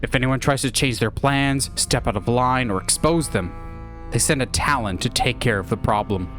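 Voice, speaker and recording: A man narrating a movie pitch in an enthusiastic, animated way. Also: normal speed, soft background music. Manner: animated, lively.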